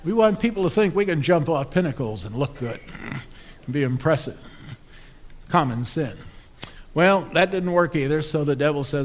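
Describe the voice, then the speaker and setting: A man's voice: on the high side, lively intonation, moderate pace, long pauses, a little hiss or hum. A man, an Episcopal priest, preaching a sermon in a conversational, wry storytelling way.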